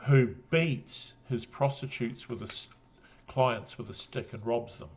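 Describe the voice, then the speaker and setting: A New Zealand man talks at an everyday middle pitch in loose, wandering chat. He has had a drink, laughs at his own tangents and swears without a second thought. A faint hiss of noise sits under his voice. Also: measured pace, a little mellow. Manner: rambling, laughs often, swears freely. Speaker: guest on a livestream. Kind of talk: casual chat.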